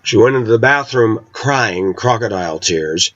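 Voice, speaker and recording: A man with a lowish voice tells an indignant personal story, acting out what each person said. The recording sounds dull and lo-fi, with a dry, close sound. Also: lively intonation, moderate pace, fairly bright tone, dry recording. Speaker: vlogger.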